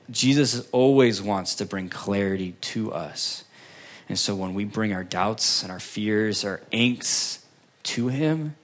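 A male pastor preaching a sermon, asking the congregation questions and answering them himself, with long pauses and line endings that drop almost to silence. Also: fairly low pitch. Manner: preaching with strong rises and falls, long pauses, drops to near quiet at line ends.

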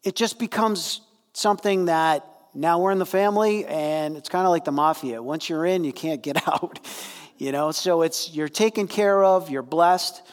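A man delivers a sermon in a relaxed, conversational way, slipping into animated bursts as he leans into a point. His voice sits a little higher than most men's, and it rings out with a long reverb from the hall he speaks in. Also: normal speed. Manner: animated, conversational preaching with fillers. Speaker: pastor.

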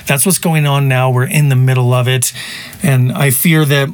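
A man's voice: mid-range voice, fairly even intonation, moderate pace, clear, resonant tone, dry recording. A man hosting a podcast, talking in a rambling, conversational monologue with asides. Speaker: podcast host. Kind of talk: casual opinion monologue.

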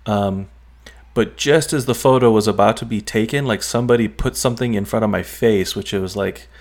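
A man with a lowish voice tells a long story in a loose, rambling way. He leans on fillers and trails off between phrases, chatting casually. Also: fairly quick, darkish tone. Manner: rambling, heavy on "like" and "um". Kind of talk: casual chat, recounting a dream.

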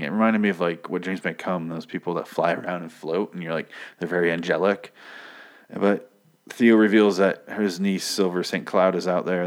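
A man giving a casual, rambling recap of a TV episode, profane and full of joking asides. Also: low-pitched.

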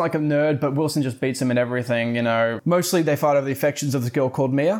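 A man hosting a podcast, casually retelling a book's plot with wry asides. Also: mid-range voice. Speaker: podcast host. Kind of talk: casual book review podcast.

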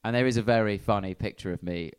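A young man from England, a comedian guest on a live podcast, chatting in a wry, self-deprecating way and often trailing off into quiet asides. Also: on the low side, fast talker, smooth. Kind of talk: casual live podcast chat. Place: live venue in front of an audience.

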